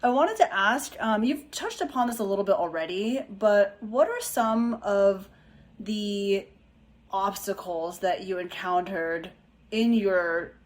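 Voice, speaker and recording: A woman's voice: mid-range voice, animated, slow. A woman co-hosting a podcast who asks the guest questions hesitantly, with fillers. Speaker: podcast co-host. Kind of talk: casual interview talk.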